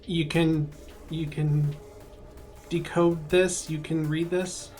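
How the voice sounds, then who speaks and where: Guy doing a nervous fill-in high mage in a tabletop game, slow halting talk, kinda high voice. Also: level tone, darkish tone, soft background music. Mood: guarded. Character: stand-in high mage, unsure and guarded.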